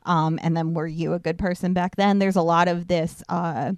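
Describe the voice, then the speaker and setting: Woman podcast cohost, casual and blunt, clean smooth voice, dry close sound. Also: fairly low pitch, steady tone, normal speed, no echo. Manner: candid, laughs easily, swears casually. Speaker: podcast co-host. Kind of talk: casual movie review chat.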